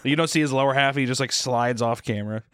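A man's voice: mid-range voice, quick pace, fairly bright tone, clear, resonant tone, no room sound, clean studio sound. A man co-hosting a podcast, chatting casually and slipping into mock voices as he riffs on a bit. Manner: slips into mock character voices mid-story. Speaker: podcast co-host. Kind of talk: casual chat, acting out bits.

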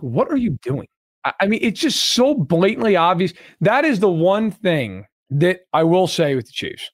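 Man, podcast co-host, high lively voice, dry close sound, blunt and profane. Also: dry recording. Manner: blunt, emphatic and profane, repeating points. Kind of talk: casual sports podcast discussion.

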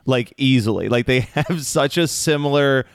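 A man co-hosting a music podcast, talking in a relaxed, loose way with many fillers. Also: mid-range voice, moderate pace, smooth, no room sound, studio quality. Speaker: podcast host. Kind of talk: casual chat.

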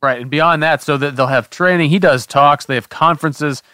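Smooth-voiced measured male co-host. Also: a little high, pushed and bright, no echo, studio quality. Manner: measured, explanatory, with hesitations. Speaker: podcast co-host. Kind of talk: podcast conversation.

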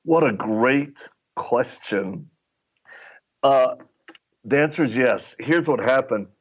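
A man's voice: mid-range voice, lively intonation, takes it slowly, slightly rough, muffled recording. A middle-aged man, a podcast guest, telling anecdotes in casual conversation and acting out the dialogue as he goes. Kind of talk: conversational storytelling.

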